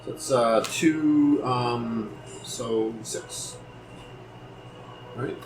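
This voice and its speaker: A man's voice: mid-range voice, extremely slow. A man playing a tabletop game, thinking aloud and tentative, in an echoey room with noticeable noise. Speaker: player. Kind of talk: casual tabletop game play.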